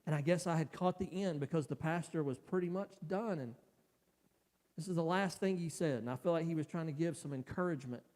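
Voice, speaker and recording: Male church speaker, fairly high voice, emotional halting testimony, long church-hall reverb. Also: a little mellow. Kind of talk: personal testimony sermon. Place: church sanctuary.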